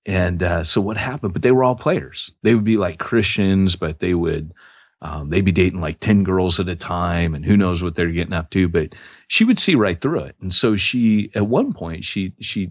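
A man's voice: low-pitched, expressive, normal speed, slightly rough, dry recording, clean studio sound. A middle-aged man, a podcast co-host, telling a long personal story in a casual, rambling way with lots of restarts.

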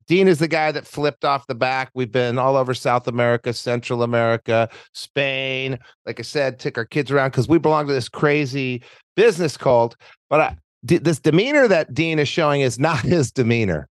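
A man's voice: mid-range voice, normal speed, dry recording, clean studio sound. A middle-aged man hosting a podcast, talking in a playful, teasing, rambling way. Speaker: podcast host. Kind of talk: casual interview chat.

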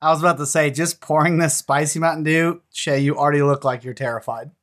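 A woman's voice: low-pitched, steady tone, quick pace. A woman hosting a casual podcast, teasing and encouraging her young guests. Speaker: podcast host.

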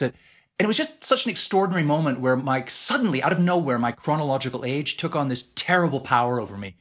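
A middle-aged man with a Canadian accent, a guest author telling lively stories in a podcast interview. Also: medium pitch, quick pace. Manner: animated storyteller, laughs often.

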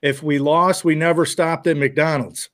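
Male host, slightly high voice, friendly, affirming interviewer. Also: steady tone, measured pace, fairly bright tone. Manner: friendly, affirming, asks open questions. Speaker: interviewer, former player. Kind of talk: casual interview.

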